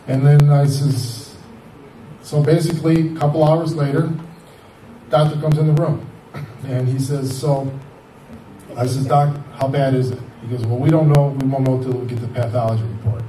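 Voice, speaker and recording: Man in his 50s, rambling personal storyteller, mellow tone, distant mic in a roomy space. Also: medium pitch, moderate pace, a little hiss or hum. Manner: rambling, animated retelling with quoted dialogue. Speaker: cancer survivor telling his story. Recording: echoey room, voice from far off.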